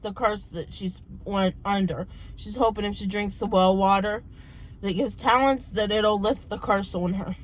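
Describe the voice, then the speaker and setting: Hoarse woman rambling about a book. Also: mid-range voice, fairly even intonation, normal speed, low-quality recording. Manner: rambling plot retelling full of "like" and "um". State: losing her voice, a little hoarse. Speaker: book vlogger. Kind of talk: casual book vlog chat.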